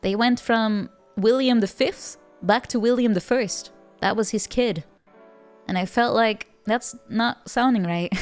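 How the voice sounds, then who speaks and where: A woman's voice: on the high side, measured pace, soft background music. A woman with a Dutch accent, a streamer chatting casually with viewers, giggling often and stammering through playful restarts.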